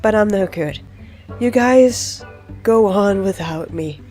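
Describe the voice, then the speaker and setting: A woman's voice: medium pitch, takes it slowly, warm tone, soft background music, natural voice. A woman voicing a reluctant, angsty teenage lion in a game, mumbling and stammering. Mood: sulky.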